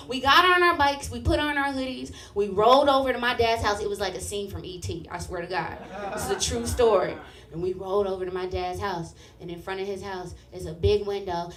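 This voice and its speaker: A young woman performing a stand-up set, telling a story with animated, profane delivery and acted-out voices. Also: medium pitch, roomy sound, far from the mic. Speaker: stand-up comedian. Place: comedy club stage with live audience.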